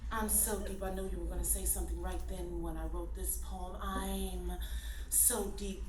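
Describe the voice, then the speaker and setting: A woman performing comic slam poetry in a mock-solemn, deadpan parody voice. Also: a little high, background noise. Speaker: spoken word poet. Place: live venue, room with audience. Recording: echoey live room from far off.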